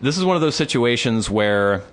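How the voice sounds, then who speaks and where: A man's voice: medium pitch, moderate pace, clear, resonant tone. A man hosting a podcast, telling a story in casual chat with lots of swearing and acted-out quotes. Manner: animated storytelling, acts out quotes, swears a lot. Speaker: podcast host.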